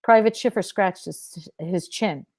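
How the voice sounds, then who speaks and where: A woman author reading her fiction aloud in a measured, expressive narration. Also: medium pitch, dry recording.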